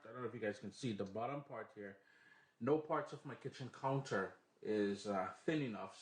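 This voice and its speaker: A man hosting a relaxed, chatty cooking demonstration at home, explaining each step. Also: medium pitch. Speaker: cooking show host. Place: home kitchen, then living room. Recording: echoey room, faint background noise.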